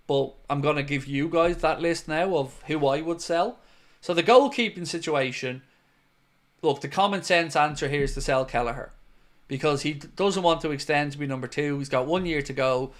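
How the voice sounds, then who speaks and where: A man talks football on a live fan stream, his voice sitting a little high. He is blunt and opinionated, says "um" often, and keeps the talk loose and conversational. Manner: opinionated, blunt, with frequent "um" and "look". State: has the hiccups. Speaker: football fan channel host. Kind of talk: live-stream football chat reading viewer comments.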